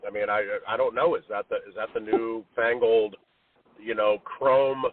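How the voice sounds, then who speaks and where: A man's voice: fairly low pitch, steady tone, normal speed, crowd noise. A man co-hosting a podcast in casual chat, exasperated, trailing off and restarting. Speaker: podcast co-host. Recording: tinny phone line, husky.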